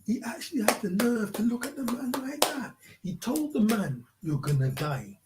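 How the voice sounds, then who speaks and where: A man's voice: extremely high pitch, expressive, moderate pace, heavy background noise. A man ranting in a vlog, profane and prodding the listener with repeated questions. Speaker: vlogger. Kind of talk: ranting commentary.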